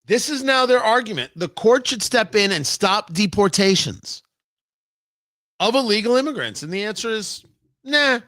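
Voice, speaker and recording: A bright, high-pitched male talk radio host with a very lively, swooping delivery. He is sarcastic and opinionated, punching some lines and muttering others. His voice sounds dry and close to the mic. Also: normal speed, dry recording. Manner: animated, sarcastic, swings between loud jabs and low asides. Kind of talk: opinionated political commentary.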